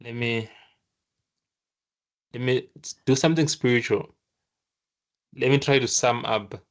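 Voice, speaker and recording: The voice is mid-range and belongs to a lively, laid-back programming teacher giving a screen-share lesson. Quick asides have him playing the computer as it scolds, between halting, thinking-aloud restarts.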